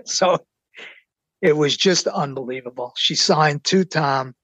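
A middle-aged man telling a personal story in an excited, earnest way, slowing down to stress the big moments. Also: medium pitch, husky, dry recording. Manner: excited, earnest, slows down for emphasis. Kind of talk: personal anecdote.

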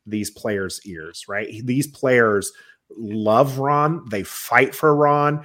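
A man with an average-pitched, ordinary voice hosting a sports podcast. He steers the conversation and wraps up the episode with plugs for the channel. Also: slow pace, a bit bright. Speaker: podcast host. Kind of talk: casual sports chat.

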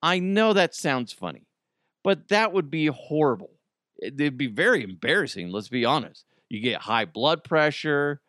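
A man's voice: mid-range voice, sharp tone, dry recording, clean studio sound. A man in his thirties, a podcast host, telling stories in a casual, joking monologue and laughing often.

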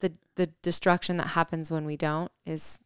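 Low, crisp-voiced woman telling a story. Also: flat delivery, normal speed, no room sound, studio quality. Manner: earnest, reflective, with frequent fillers and restarts. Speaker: podcast co-host. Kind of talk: personal storytelling.

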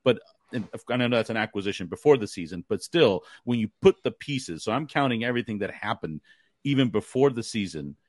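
A middle-aged man co-hosting a sports podcast, telling stories in a lively, joking way. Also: on the low side, fairly quick, no echo, clean studio sound. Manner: animated storyteller, laughs easily. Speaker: podcast co-host. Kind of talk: casual sports podcast chat.

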